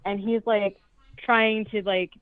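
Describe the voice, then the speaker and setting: A woman's voice: mid-range voice, flat delivery, takes it slowly, clear, resonant tone, no room sound. A woman podcast co-host recapping a horror movie in a chatty, profane way, with lots of "like". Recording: tinny phone-like, dry sound.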